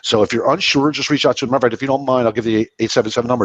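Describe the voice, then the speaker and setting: A man from the Philadelphia area, a guest on a podcast, talking rapidly and laughing at himself. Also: mid-range voice, fairly even intonation, slightly rough, no room sound. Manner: rapid, self-deprecating, laughs often. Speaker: guest, business credit expert. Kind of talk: casual interview chat.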